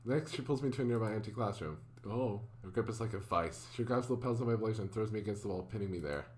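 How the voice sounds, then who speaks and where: A man reading a visual novel aloud and reacting with animated, jokey commentary. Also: on the low side, fast. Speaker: let's-play narrator.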